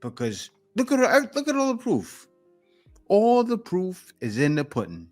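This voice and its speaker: Casting: male reaction host, blunt and opinionated, lively pitch, faint music under him. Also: unhurried. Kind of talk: casual commentary.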